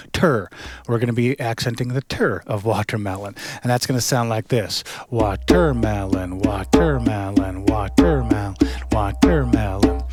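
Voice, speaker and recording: A middle-aged man giving a casual drum lesson as a facilitator, relaxed and full of fillers, chanting rhythm words as he plays. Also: mid-range voice, dry recording. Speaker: drum circle facilitator and instructor. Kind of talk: casual instructional talk with chanted drum counts. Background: hand drum playing.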